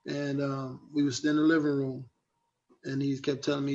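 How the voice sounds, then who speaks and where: A middle-aged man, a guest rapper, telling animated, slangy stories in a casual interview and acting out other people's voices. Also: mid-range voice, moderate pace. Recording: dull lo-fi sound.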